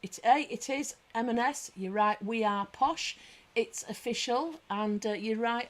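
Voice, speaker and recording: A woman's voice: fairly high pitch, a little slow. A woman with a British accent hosting a casual livestream, chatting, bantering and reading viewer comments aloud. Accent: British English. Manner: lively anecdotal storyteller. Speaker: livestream host. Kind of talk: casual live chat.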